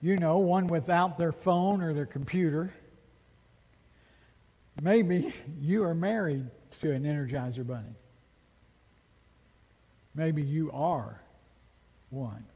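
Male pastor, high voice, unhurried delivery, emphatic sermon with rhetorical questions, echoing hall. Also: lively intonation, a little mellow. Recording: long reverb of a large hall.

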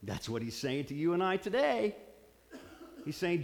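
A man's voice: a little high, sing-song, normal speed, vocal fry, long pauses. A man preaching a sermon, earnest, repeating phrases for emphasis. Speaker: pastor. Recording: long hall reverb.

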